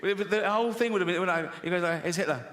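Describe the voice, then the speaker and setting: A British man with a high-sitting voice rattles through a stand-up routine at a fast clip, sardonic and sweary, full of mocking asides. The recording is very noisy, in an echoey venue filled with loud audience laughter.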